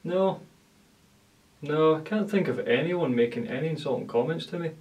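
A man's voice: fairly high pitch, animated, normal speed, recorded from a distance, lo-fi sound. A man speaking in a dreamy, self-admiring way in a documentary interview. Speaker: bearded interviewee.

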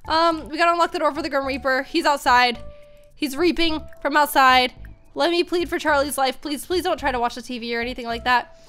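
A woman's voice: high-pitched, steady tone, a little fast, sharp tone, soft background music. A woman hosting a gaming channel, chatting to viewers in let's-play commentary.

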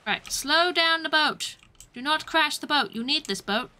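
A woman's voice: high voice, expressive, a little slow, pushed and bright. A woman streamer giving playful, chatty commentary while playing a game, often breaking into exclamations. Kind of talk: casual gameplay commentary.

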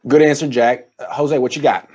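A man hosting a casual sports talk panel, measured with a dry sense of humor. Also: medium pitch, fairly even intonation, darkish tone. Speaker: host.

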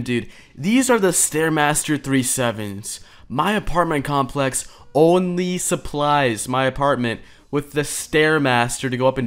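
Young adult man, mid pitch, smooth clear voice, sarcastic crude reaction streamer; faint music underneath. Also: a bit bright. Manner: sarcastic, rambling, swears a lot. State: out of breath. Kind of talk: crude casual reaction commentary. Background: faint background music.

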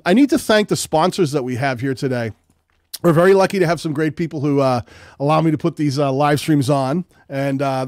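A man's voice: fairly high pitch, a little mellow, dry recording, clean studio sound. A man hosting a live stream, giving blunt, direct advice with lots of "um"s while losing his voice from illness. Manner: direct, blunt coaching with many "um"s. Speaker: live stream host reviewing viewers' channels. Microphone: streaming setup mic.

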